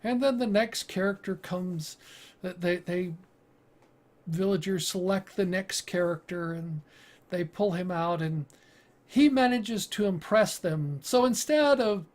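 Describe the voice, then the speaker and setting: A man who is a game master and YouTuber, telling stories from his campaigns in a deliberate, halting way. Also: high-pitched. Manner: slow, deliberate, halting with fillers and restarts. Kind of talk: casual storytelling monologue.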